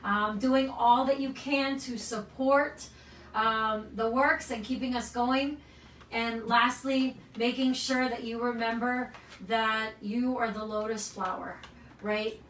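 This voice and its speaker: Earnest, high-voiced woman gym owner. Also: fairly even intonation, slow pace, fairly bright tone, slight background noise. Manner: earnest, emotional, repeats "right?". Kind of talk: motivational address to members. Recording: roomy sound from a distance.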